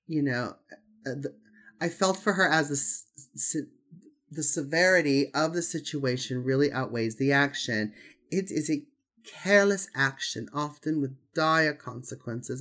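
A man's voice: a little high, a bit bright. A man voicing a posh British society woman reading her letter aloud, in a put-on British accent, stumbling now and then.

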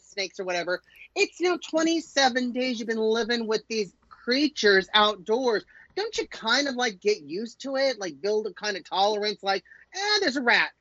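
A woman co-hosting a casual recap podcast, joking around and quick to laugh. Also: medium pitch, a bit bright, no echo, muffled recording. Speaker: podcast co-host. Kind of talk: casual chat.

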